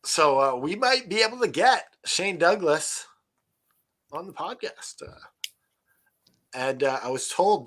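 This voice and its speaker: A man co-hosting a casual wrestling podcast, talking in halting bursts and cracking jokes. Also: fairly high pitch, expressive, fairly bright tone. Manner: halting, many fillers and restarts, jokey. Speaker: podcast co-host. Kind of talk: casual wrestling review chat.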